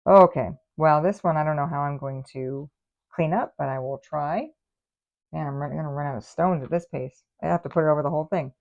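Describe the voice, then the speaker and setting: A woman's voice: low-pitched, brisk, gravelly, darkish tone, highs cut off. A woman giving a casual tarot reading, sassy and exasperated in her asides. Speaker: tarot reader.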